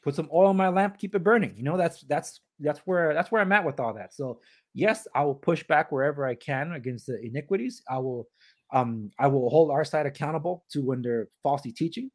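A man hosting a podcast interview, talking in a halting way with many restarts. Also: on the high side. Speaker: podcast host. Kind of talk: casual interview chat.

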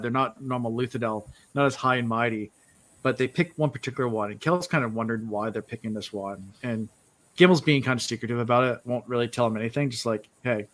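Male co-host, relaxed storyteller, recaps scenes for a book podcast. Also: medium pitch. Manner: relaxed storyteller, quotes characters in his own voice. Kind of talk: casual book-discussion chat.

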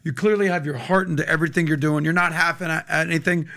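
Talking fast in a steady, fairly high and gravelly voice with a fairly bright tone, an American man hosts a laid-back podcast interview. He is eager and playful, cracking jokes while questioning his guest.

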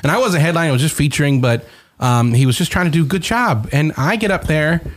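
A male comedian guest telling stories in a casual chat, animated and swearing, his voice jumping up when he acts out anger. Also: fairly high pitch, quick pace.

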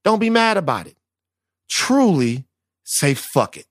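Guy cohosting a podcast, lively swoopy voice, cussing and joking, dead dry mic. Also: a little high, a little slow, dry recording. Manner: animated, profane, joking. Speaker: podcast co-host. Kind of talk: casual podcast banter.

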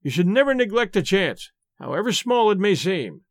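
A man's voice: sits high, big pitch swings, moderate pace, dry recording, studio quality, full character voice. A man voicing a boastful police detective who tells his story with eagerness. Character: brash, self-pleased police detective, a man.

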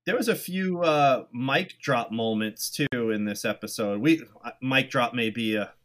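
A man's voice: medium pitch, a little slow. Laid back guy on a podcast going over fave scenes, plain mid voice. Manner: easygoing, relaxed recapping with fillers. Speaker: podcast co-host. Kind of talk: casual chat about a TV episode.

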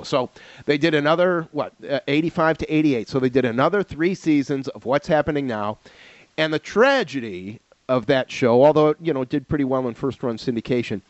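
This man co-hosts a podcast and swaps stories about old TV shows in a relaxed conversation full of laughter and repeated words. His voice sits at medium pitch, and the lo-fi audio has no room sound.

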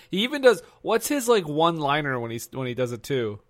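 A man with a slightly high voice chats about a film. His remarks are wry and blunt, and he swears freely. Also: very animated, fairly quick, slight background noise. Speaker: podcast co-host. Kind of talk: casual chat.

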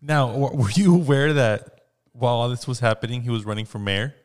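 A man co-hosting a podcast in casual chat, offhand and relaxed as he explains things. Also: mid-range voice, a little fast. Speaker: podcast co-host.

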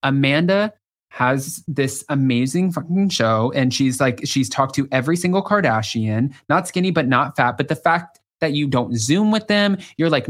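A man's voice: fairly high pitch, animated, fairly bright tone. A man hosting a podcast, chatting casually and gossiping about reality TV. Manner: gossipy, quick storytelling with quoted impressions. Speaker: podcast host. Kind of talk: casual chat.

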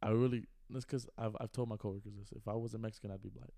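Young male podcast co-host, twenties, low and gravelly, dark tone, easygoing slangy storyteller. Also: fairly even intonation, fast, no room sound, studio quality. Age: 20s. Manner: laid-back storytelling with slang and fillers. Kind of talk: casual chat.

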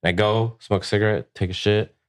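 30s tattoo guy, deep-ish voice, cussing a lot, does funny high voices for quotes. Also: a little fast, clear, resonant tone. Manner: profane, animated, acts out quotes in higher voices. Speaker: tattoo artist, podcast guest. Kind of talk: casual storytelling chat.

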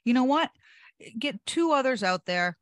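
A confident political commentator in a casual panel chat, brisk and strategic. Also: high voice, lively intonation, fairly bright tone, no echo, studio quality.

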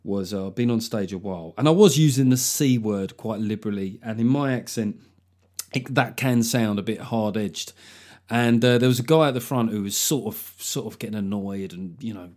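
Man, comedian podcast host, swearing, quick jokes, lively storytelling, mid pitch. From London. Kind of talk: solo podcast monologue.

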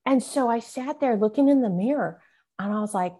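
In a mellow, fairly high voice and at a slightly quick pace, a woman reads aloud from her own memoir as a guest author and chats about it. She tells her story earnestly and vividly.

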